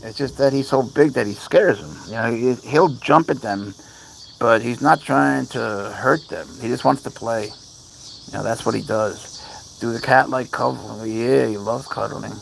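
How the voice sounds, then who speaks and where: A man's voice: mid-range voice, a little slow, creaky, a little hiss or hum, poor audio. A man hosting a casual livestream, rambling as he talks to his cats and answers viewers' chat. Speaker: livestream host.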